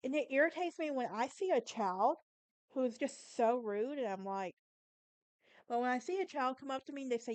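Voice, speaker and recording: Southern woman with a sassy, emphatic delivery, high voice, dry close sound. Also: expressive, fairly quick, a little mellow, clear, resonant tone, dry recording. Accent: Southern American. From Southern United States. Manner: sassy, emphatic, talks straight to the listener. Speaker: podcast host. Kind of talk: casual monologue.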